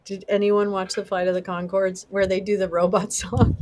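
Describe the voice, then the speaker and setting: This is a middle-aged host chatting live with viewers, excitable and rambling, dropping swears freely. The voice sits at an ordinary, middle pitch. A faint hiss of noise runs behind it. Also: measured pace. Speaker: livestream host. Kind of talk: casual livestream chat with viewers.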